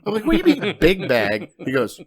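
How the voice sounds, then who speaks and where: A man hosting a casual sports podcast, telling animated stories and laughing often as he acts out quotes. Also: high voice, brisk, slightly rough. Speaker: podcast host.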